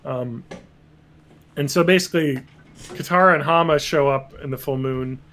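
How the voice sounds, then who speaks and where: A man's voice: fairly high pitch, moderate pace, a bit bright. A man casually chatting as a podcast host, rambling with crude jokes and acting out quotes. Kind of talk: casual chat recapping a cartoon episode.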